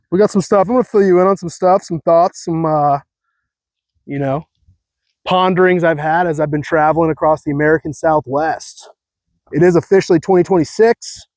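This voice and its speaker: Rambling, self-mocking man with a higher voice. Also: no room sound, clean studio sound. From California. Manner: animated, rambling, self-mocking, full of fillers. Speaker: vlogger. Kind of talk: casual monologue.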